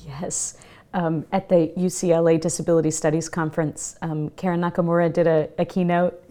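A woman's voice: fairly low pitch, little pitch movement, brisk, warm tone. A woman hosting a podcast interview, engaged and asking probing questions. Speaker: podcast host. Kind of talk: interview conversation.

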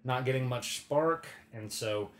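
A man's voice: mid-range voice, a little slow. A man co-hosting a casual chat with an ordinary mid-range voice. He tells stories in an easygoing, self-mocking way. The room gives his voice an echo. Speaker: podcast co-host. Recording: echoey room.

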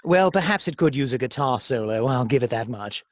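A man's voice: mid-range voice, animated, fairly quick. A British man with a posh way of talking, trading dry, teasing banter while introducing songs. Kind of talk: bantering radio-style chat.

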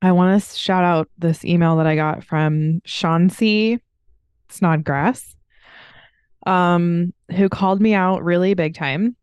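Chatty podcast host lady, lowish smooth voice, laughs a lot, dry close sound. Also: takes it slowly, darkish tone, no echo. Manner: chatty, laughs often while telling stories. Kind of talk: casual chat.

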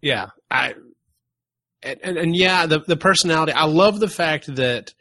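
A man's voice: on the high side, moderate pace, bright, forceful tone, dry recording. A man hosting a casual podcast chat, rambling with restarts and swearing now and then. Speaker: podcast host.

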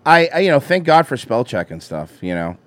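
A man's voice: mid-range voice, fairly quick, no echo. A man with a Miami Cuban accent, hosting a profane, joking casual chat. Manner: profane, animated banter. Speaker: host.

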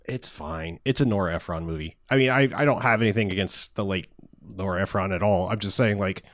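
A man's voice: fairly low pitch, a little fast, no echo. A man co-hosting a podcast in casual chat, rambling with many fillers, laughing and swearing now and then. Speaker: podcast co-host.

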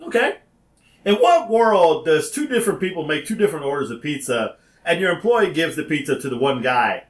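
A man tells a story with lots of energy and acts out both sides of a phone call, sometimes rising to a shout. His voice sits a bit high and swings widely. The room around him sounds roomy and echoey. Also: sing-song, brisk. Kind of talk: animated storytelling.

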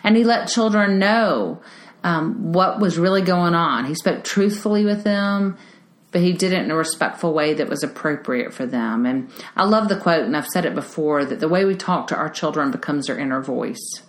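A woman's voice: low-pitched, moderate pace. A middle-aged woman talking earnestly to parents as an early childhood educator, lifting her voice for emphasis. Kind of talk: casual talk to parents. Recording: echoey room.

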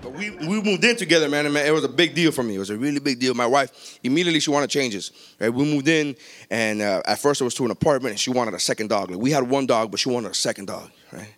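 Profane, animated man telling stories. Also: medium pitch, quick pace, faint music behind. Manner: profane, animated, acts out quoted voices. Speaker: stand-up comedian. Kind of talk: casual podcast chat, storytelling.

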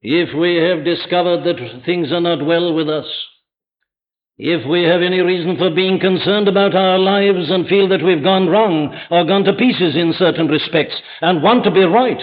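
Male preacher, fairly high voice, urgent rhetorical questions, dull old church recording. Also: moderate pace. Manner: emphatic, full of rhetorical questions. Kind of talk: evening sermon. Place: church before a congregation. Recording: dull lo-fi archive sermon recording.

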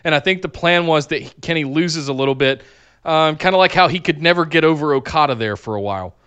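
A man co-hosting a podcast in casual chat, enthusiastic and quick to laugh. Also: a little high, a bit bright, smooth. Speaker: podcast co-host.

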